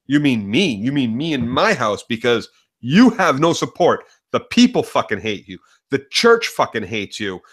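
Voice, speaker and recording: A man voicing a sharp-tongued old noblewoman with profane, cutting taunts while retelling a scene. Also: medium pitch, very animated, moderate pace, husky. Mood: scornful. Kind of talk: retelling a scene in a podcast chat.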